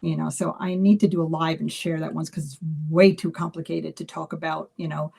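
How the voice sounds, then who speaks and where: A woman's voice: deep voice, brisk, vocal fry, slightly rough. A woman talks in a loose, chatty way on a live stream. She tells stories with animation, stopping and restarting her sentences and slipping in plenty of fillers. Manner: animated storyteller acting out dialogue. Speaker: psychic medium. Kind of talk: casual live video chat.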